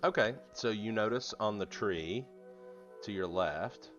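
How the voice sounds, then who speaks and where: A man's voice: lowish voice, unhurried, a bit bright, dull audio, faint music behind. A man narrating as game master of a tabletop game, laid-back, with fillers and laughs.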